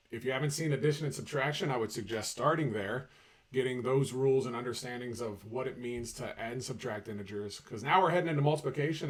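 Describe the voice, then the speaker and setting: Upbeat guy teaching math on video, bouncy pitch, kinda off-mic. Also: distant mic. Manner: energetic, jokey, talks to viewers directly.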